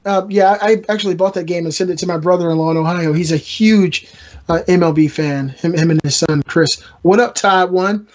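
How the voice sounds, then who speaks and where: Male podcast host, high-pitched, loose and joking, muffled lo-fi mic. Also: a little fast. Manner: rambling, joking, trash-talking. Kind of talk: casual gaming podcast chat.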